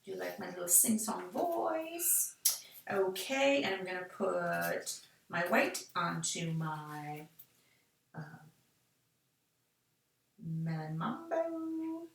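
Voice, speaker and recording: A woman's voice: fairly low pitch, a little slow, creaky, a bit bright, a little hiss or hum. A middle-aged woman, casually demonstrating card making and chatting to herself as she works. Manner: chatty, talks to herself while working. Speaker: card-making tutorial host. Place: craft room. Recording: echoey room, mic at a distance.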